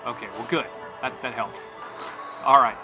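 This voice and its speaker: A man's voice: mid-range voice, fairly even intonation, normal speed, music in the background. A man hosting a podcast in casual chat. He rambles with restarts and laughs often. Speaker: podcast host.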